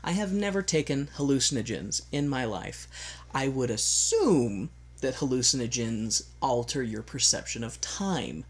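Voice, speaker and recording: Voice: medium pitch, lively intonation, measured pace, husky. A podcast co-host chatting casually, wandering off on tangents and restarting sentences partway through. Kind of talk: casual chat.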